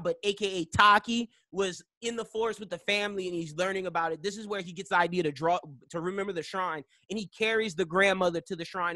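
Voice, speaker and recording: A male podcast host in casual chat, retelling scenes in an animated way that swings between loud and soft. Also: sits high, no echo.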